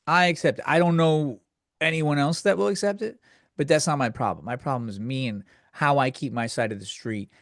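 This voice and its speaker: A man's voice: on the high side, fairly quick, a bit bright, no room sound, studio quality. Crude sardonic man ranting on a podcast. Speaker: podcast host. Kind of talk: comedic rant.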